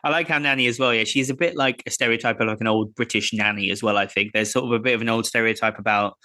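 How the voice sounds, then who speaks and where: A man's voice: on the low side, fast talker, no echo, studio quality. Easygoing male guest who laughs often. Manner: laughs often, relaxed and rambling. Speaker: podcast guest, teacher. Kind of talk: casual chat.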